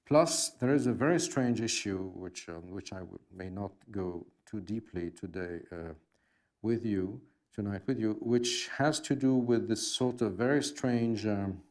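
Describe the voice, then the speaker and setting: A man in his sixties with a French accent answers questions at a public talk. His voice sits low, and he pauses often, restarting sentences and dropping in dry, wry asides. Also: darkish tone. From France. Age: 60s. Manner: halting, many fillers and restarts, wry asides. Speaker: guest speaker, expert on jihadism.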